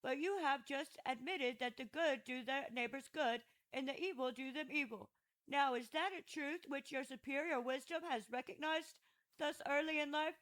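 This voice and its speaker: A woman's voice: sits high, normal speed, a bit bright, low-quality recording. A woman narrating an audiobook voices an aging male philosopher who defends himself at trial with patient, ironic questions. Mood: ironic questioning. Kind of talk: audiobook reading of a classic dialogue.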